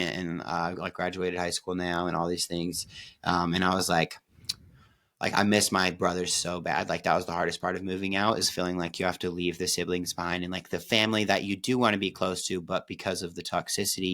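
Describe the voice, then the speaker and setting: Deep-voiced man rambling through a story. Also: little pitch movement, fairly quick, a bit bright. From Oregon, USA. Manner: rambling, profane, many fillers and restarts. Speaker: podcast co-host. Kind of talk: casual personal storytelling.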